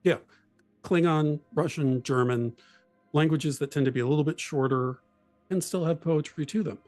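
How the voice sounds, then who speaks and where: A man in casual chat about tabletop role-playing, animated, explaining and acting out voices. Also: fairly high pitch, moderate pace, dry recording, soft background music.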